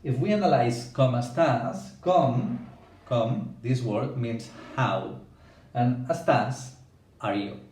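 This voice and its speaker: Slow-talking male teacher. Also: mid-range voice, a little mellow, distant mic. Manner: slow, explains with frequent "yeah?" checks. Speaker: language teacher. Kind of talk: language lesson explanation. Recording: echoey room, away from the mic.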